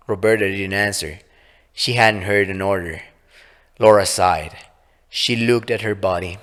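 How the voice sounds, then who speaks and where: Male author-reader, measured storybook narration, hall reverb on the track. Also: lowish voice, steady tone, a bit bright. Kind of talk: reading a short story aloud. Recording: long reverb.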